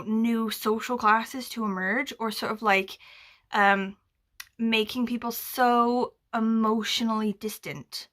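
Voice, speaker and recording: A woman's voice: mid-range voice, sharp tone. A young woman talking casually about a book she listened to, rambling and full of asides and fillers. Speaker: book vlogger. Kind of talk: casual chat.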